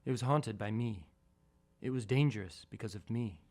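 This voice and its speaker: A man calmly reading his own first-person radio essay, measured and a little wry. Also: fairly low pitch. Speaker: storyteller.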